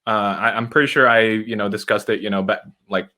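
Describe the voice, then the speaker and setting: A man from the United States co-hosting a casual podcast, talking in a halting way with lots of fillers. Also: lowish voice, fairly even intonation, pushed and bright. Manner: halting, many fillers and restarts. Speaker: podcast co-host. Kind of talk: casual chat.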